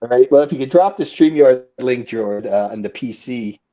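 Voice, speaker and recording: A man's voice: mid-range voice, moderate pace, dark tone. A man calling in from his phone to a live stream, taunting the others in a lewd, drawling way. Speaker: caller. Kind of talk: crude live-stream banter. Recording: dull phone audio.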